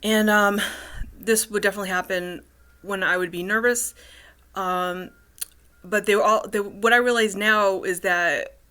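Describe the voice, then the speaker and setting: A woman in her thirties talking casually to the camera in a personal vlog, halting often with ums, restarts and cut-off words. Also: medium pitch, steady tone, sharp tone. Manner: halting, full of restarts and ums, cluttered speech. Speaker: vlogger.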